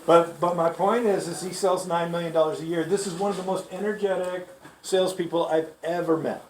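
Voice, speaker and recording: A man giving a lively storytelling pep talk to store staff, acting out the people he quotes, recorded from a distance in a store. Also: high-pitched, a little fast, a little hiss or hum. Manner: animated, laughing, acts out quoted people. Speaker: company executive addressing store staff. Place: store on opening day. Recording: echoey room, mic far off.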